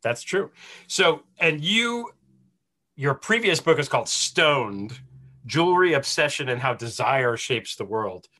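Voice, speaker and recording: Male podcast host, bright and forward tone, relaxed and chatty. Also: medium pitch, measured pace. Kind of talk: casual interview.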